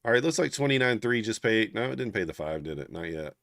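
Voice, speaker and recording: A low-voiced man talks through his trades live and casually, often trailing off into quiet asides. His voice is close to the mic and completely dry. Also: animated, fast talker, no room sound. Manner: thinking aloud, casual, murmured asides. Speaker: trading livestream host. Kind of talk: live trading commentary.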